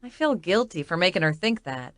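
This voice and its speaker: A woman's voice: on the low side, big pitch swings, fairly quick, a bit bright, no room sound, faint music behind. A woman narrating a romance audiobook in the first person, with a wry, conversational inner-monologue manner.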